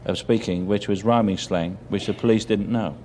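Older man, softened London Cockney drawl. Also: lowish voice, steady tone, moderate pace, slight background noise. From East End of London. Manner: chatty storyteller, chuckles, repeats himself. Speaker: interviewee actor. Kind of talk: anecdotal interview talk.

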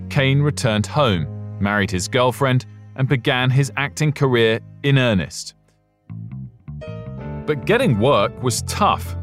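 A man reading scripted documentary narration in a measured, even storytelling manner. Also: medium pitch. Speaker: podcast narrator. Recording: narration over guitar music.

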